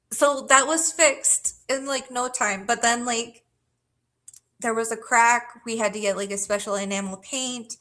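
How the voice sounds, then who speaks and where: A woman's voice: a little high, fairly even intonation, measured pace, a bit bright. A woman hosting a livestream, telling a rambling personal story to her chat in casual, profane talk with lots of fillers and frequent laughter. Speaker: livestream host.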